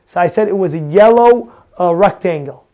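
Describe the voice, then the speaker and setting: A man's voice: sits high, lively intonation, normal speed, warm tone. A man telling a personal story in a Torah lesson, acting out the dialogue with many restarts and Hebrew words mixed in. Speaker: Torah teacher.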